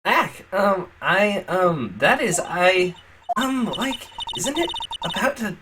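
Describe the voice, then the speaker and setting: A woman's voice: mid-range voice, sing-song, takes it slowly, background noise, pitched above the performer's own voice. A woman voicing a ditzy young female student with a valley girl manner who rambles and hesitates with many fillers. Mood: airheaded. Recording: music behind, slightly distant mic.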